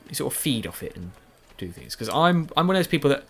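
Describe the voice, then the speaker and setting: His voice is medium-pitched with big pitch swings, quick, a bit bright and breathy at the edges. The gaming YouTuber, tired and yawning late at night, gives rambling, self-deprecating commentary recorded after the game footage, with many restarts and fillers.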